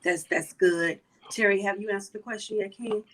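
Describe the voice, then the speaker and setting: A woman's voice: mid-range voice, fairly even intonation, moderate pace, a bit bright, low-quality recording. A woman hosting a panel discussion, affirming and emotional with her guests. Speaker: host.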